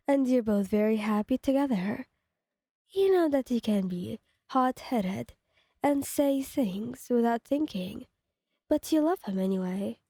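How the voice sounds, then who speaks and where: Woman, story narration, steady read-aloud, fairly high pitch, warm tone, husky, dry close mic. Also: no room sound. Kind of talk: second-person fan story narration.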